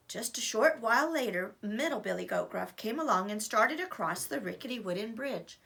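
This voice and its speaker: Woman teacher, children's story read-aloud, expressive, lively pitch, bright voice. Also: moderate pace, gravelly, few pauses, husky. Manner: animated, expressive.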